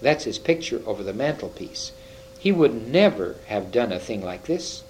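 A man's voice: medium pitch, big pitch swings, normal speed, a little mellow, a little hiss or hum, natural voice, rough recording. A man doing Mister Tumnus, a sobbing faun. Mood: sorrowful. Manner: sobbing, groaning pleas. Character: gentle sorrowful male faun, tearful and guilt-ridden.

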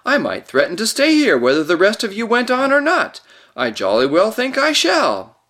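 A man's voice: high voice, wildly swooping pitch, moderate pace, bright, forceful tone, voice pushed up, full character voice. Man putting on a snappish bossy girl. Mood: defiant. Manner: snappish and scolding. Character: bossy sharp-tongued young girl.

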